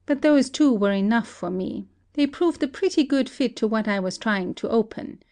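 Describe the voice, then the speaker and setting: A woman as a calm, shrewd country detective. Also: on the high side. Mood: calm accusation. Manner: steady, deliberate accusing. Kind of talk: amateur audiobook play reading.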